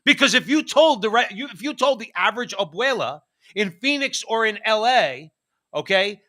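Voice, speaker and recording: A man's voice: sits high, expressive, moderate pace, pushed and bright. A man co-hosting a political talk show, ranting emphatically with frequent restarts. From United States. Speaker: co-host. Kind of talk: political commentary chat.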